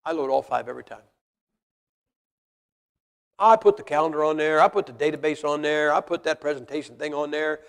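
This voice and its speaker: A man's voice: a little high, fairly quick, gravelly, pauses often. A man preaching a sermon to a congregation in a blunt, folksy way, firing rhetorical questions at them. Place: church hall with congregation. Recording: long reverb of a large hall.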